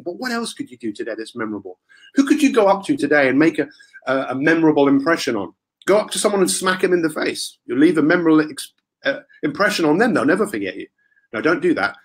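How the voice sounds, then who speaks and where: A man giving an energetic, playful motivational talk as a coach, with theatrical chants and asides. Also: sits high.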